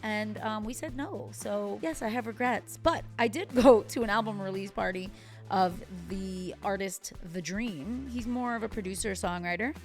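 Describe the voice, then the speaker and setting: A woman's voice: mid-range voice, normal speed, faint music behind. A woman in her thirties casually recapping and reacting to a TV episode, chatty and wry, with playful asides. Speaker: TV recap vlogger.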